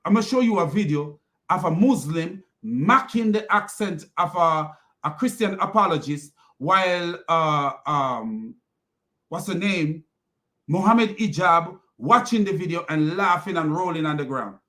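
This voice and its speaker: A man's voice: on the high side, animated, measured pace, a bit bright. A man giving a heated, mocking commentary, laughing often and repeating himself. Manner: heated, repetitive. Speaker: online commentator. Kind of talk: casual ranting commentary.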